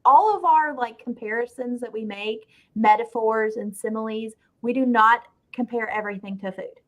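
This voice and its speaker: A woman with a Southern US accent co-hosting a casual fan recap chat, talking in an animated, chatty way. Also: a little high, normal speed. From Southern United States. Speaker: podcast co-host.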